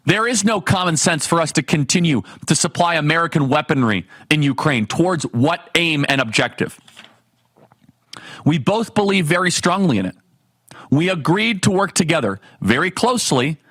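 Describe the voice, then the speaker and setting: A man's voice: on the high side, moderate pace, no room sound. Emphatic man hosting a political talk show. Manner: emphatic, rhetorical questions, animated. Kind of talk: fiery political commentary monologue.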